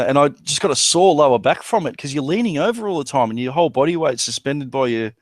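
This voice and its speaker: A man's voice: mid-range voice, dry recording. A man with an Australian accent, chatting casually and rambling, with crude jokes. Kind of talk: casual chat.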